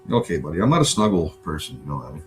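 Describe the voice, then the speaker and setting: A man hosting a casual livestream from home, rambling and swearing a lot in relaxed chat. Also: very deep voice, very fast, slight background noise. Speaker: livestream host.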